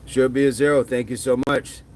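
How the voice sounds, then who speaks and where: A man's voice: mid-range voice, little pitch movement, fairly quick. A middle-aged man hosting a casual livestream, reading chat comments and joking, now and then slipping into a mock movie-gangster voice. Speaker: livestream host.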